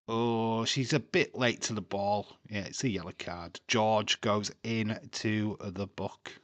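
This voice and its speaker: Male streamer, laid-back slow delivery, swears and laughs a lot, close dry mic. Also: fairly low pitch, fairly even intonation, no echo. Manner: crude, jokey, laughs often. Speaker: watchalong streamer. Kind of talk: casual live-stream chat and commentary.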